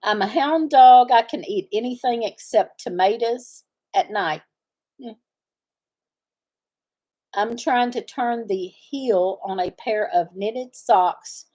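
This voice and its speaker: A woman's voice: fairly high pitch, slow pace, warm tone. A middle-aged woman, hosting a casual farm livestream and chatting in a rambling way, often stopping to search for the right word. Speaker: farm channel host.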